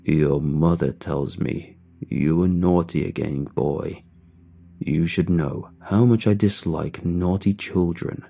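A man putting on a towering, grotesque creature in a horror story, its voice dropped low and dark. It speaks with slow, deliberate menace, husky and heavy. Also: heavily acted. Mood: menacing. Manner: slow, deep, threatening.

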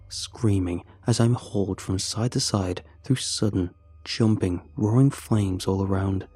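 A man narrating a first-person horror story in a measured, suspenseful way. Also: sits low, warm tone, slightly rough, no echo, soft background music.

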